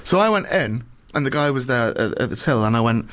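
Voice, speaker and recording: Male co-host, lively storyteller with a wide-ranging voice and quick delivery, lots of restarts. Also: mid-range voice. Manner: animated storyteller, swears, many restarts. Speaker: podcast co-host. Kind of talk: casual chat, anecdote.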